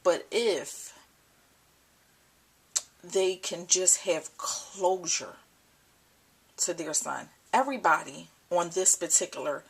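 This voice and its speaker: A young mother talking to the camera at home, emotional and choked up, halting and repeating herself. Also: fairly low pitch, vocal fry, husky. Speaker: mother vlogger. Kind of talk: personal vlog talk. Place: at home indoors. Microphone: camcorder built-in mic.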